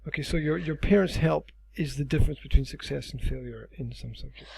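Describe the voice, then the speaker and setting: Gravelly man, rambling, losing his voice. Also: on the high side, fairly quick, a little mellow, dry recording, low-quality recording. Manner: rambling, repeats words while thinking. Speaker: teacher and interviewer. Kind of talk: casual interview.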